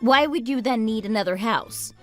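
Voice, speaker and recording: Woman doing a steady young wife, measured and fed up, music in the back. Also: on the high side, lightly acted. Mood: exasperated. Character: level-headed young wife defending her home. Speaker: narrator and wife. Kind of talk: texting-story voice acting.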